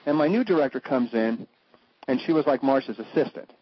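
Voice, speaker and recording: A man's voice: expressive, fairly quick, slightly rough. A man chatting flamboyantly on a radio show, joking and breaking into mock voices. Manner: flamboyant, jokey, swoops into high mock voices. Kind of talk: animated talk-radio chat. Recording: dull lo-fi radio audio.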